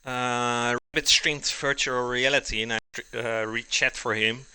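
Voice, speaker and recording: A man's voice: medium pitch, steady tone, a little slow, pushed and bright, clean tone, dry recording. A man hosting a live cooking stream, chatting casually with his viewers, joking, laughing often and answering their messages while he cooks in his kitchen. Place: home kitchen.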